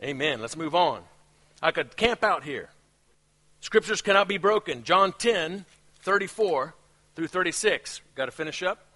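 A male pastor with a non-native English accent preaches with lots of energy. His voice sits high and swings up and down, and he breaks into laughs between points. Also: unhurried. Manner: animated preaching with laughs and asides. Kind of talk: sermon.

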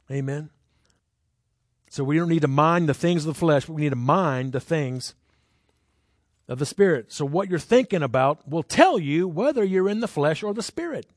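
A man's voice: no echo, studio quality. A man preaching a sermon in a conversational way, telling personal stories and asking the crowd questions. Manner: jumps into high voices when acting out people.

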